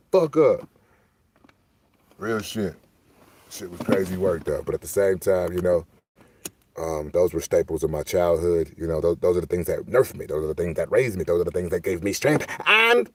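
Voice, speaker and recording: A man from Milwaukee, a streamer, telling stories in a loose, animated, profane way. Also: deep voice, dry recording. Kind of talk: casual storytelling monologue.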